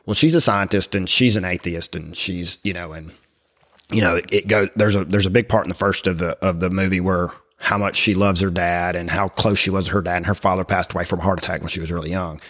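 A middle-aged man sharing his personal faith story in conversation, speaking haltingly with many fillers and restarts. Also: low-pitched, steady tone, a bit bright. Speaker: guest.

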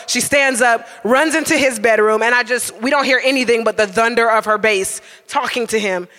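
A man tells a funny story in a very high, bright voice, tossing "right?" to the listeners again and again. His voice rings with a long reverb. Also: fairly quick, few pauses. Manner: animated, keeps asking "right?". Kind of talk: live comic storytelling.

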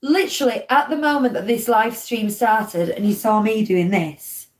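A middle-aged woman chats casually as a podcast co-host in her living room. She throws in playful little asides between the show's segments. Her voice sits a little higher than most women's. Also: animated. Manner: playful, chatty, quick asides. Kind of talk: casual chat.

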